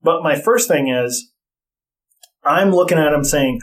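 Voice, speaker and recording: A middle-aged man talks in relaxed conversation, bluntly telling stories with plenty of profanity. His voice sits a little higher than most men's. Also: unhurried. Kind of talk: casual chat.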